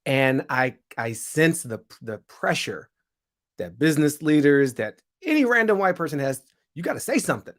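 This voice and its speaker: A man speaking as an interview guest, reflective and thoughtful, with quick asides and frequent laughs. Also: a little high, very animated. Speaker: guest, comedian and show host.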